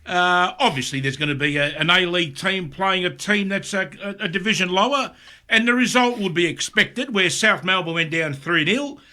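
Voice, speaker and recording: A man co-hosting a casual football chat, fairly high and bright. He talks haltingly and leans on "uh" and "now" between thoughts. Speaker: co-host.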